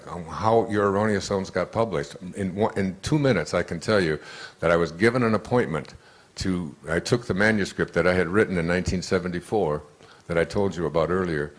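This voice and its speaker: Older man, low voice, rambling storyteller. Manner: anecdotal, rambling storyteller with many restarts. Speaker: author and speaker. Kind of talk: motivational talk to a live audience.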